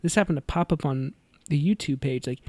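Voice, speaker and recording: A man's voice: a little high, a little fast, a little mellow, no echo. A man co-hosting a film review podcast, talking casually, giggling often and rambling with many fillers. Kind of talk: casual chat.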